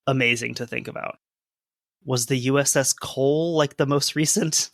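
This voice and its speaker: A man's voice: medium pitch, fairly even intonation, moderate pace, vocal fry, fairly bright tone, no echo. A man co-hosting a history podcast, reading old news quotes aloud and adding dry jokes. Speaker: podcast co-host. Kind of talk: history podcast narration and chat.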